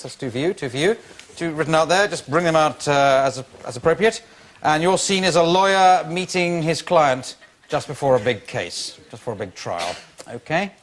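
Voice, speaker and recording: A man hosting an improv comedy show, introducing games with wry, dry asides. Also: a little high. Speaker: game show host. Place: TV studio with live audience. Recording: loud studio audience behind.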